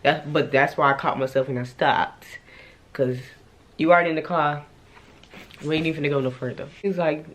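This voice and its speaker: A young woman tells a story straight to her camera. Her talk is casual and animated, jumping between loud outbursts and hushed, low asides. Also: a little fast. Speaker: vlogger.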